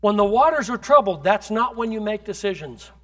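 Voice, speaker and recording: High, bright-voiced fervent preacher man. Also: expressive, a little fast. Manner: builds from conversational to fervent shouting; calls on the congregation directly. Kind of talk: sermon.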